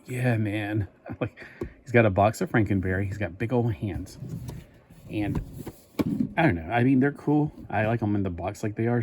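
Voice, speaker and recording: A man's voice: fairly low pitch, a little mellow, a little hiss or hum. A man chatting casually in a toy review vlog, rambling and thinking aloud as he goes.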